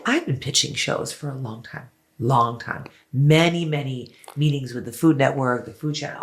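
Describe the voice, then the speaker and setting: A woman in her fifties tells stories in a casual interview, her pitch jumping around as she acts out what people said. She drops a swear word now and then and talks with easy, open enthusiasm. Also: gravelly. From United States. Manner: animated storyteller, acts out quotes, swears freely. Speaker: interview guest, singer. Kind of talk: casual chat.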